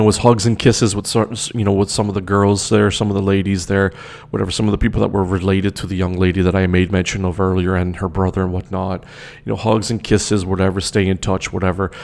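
A young man tells a personal story as an indignant, profane rant. He circles back and repeats his points. His voice sits low with a rough, gravelly fry. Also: darkish tone.

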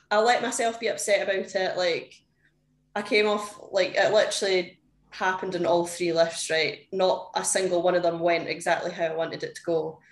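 A woman's voice: lowish voice, fairly even intonation, moderate pace. A young woman, a powerlifter guest on a podcast, talking candidly and chattily with lots of "like" fillers. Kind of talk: casual interview chat. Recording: echoey room.

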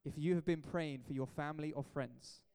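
A man's voice: a little high, moderate pace, warm tone, smooth. A man, a pastor preaching an emphatic, jokey sermon in a church hall. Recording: echoey hall reverb.

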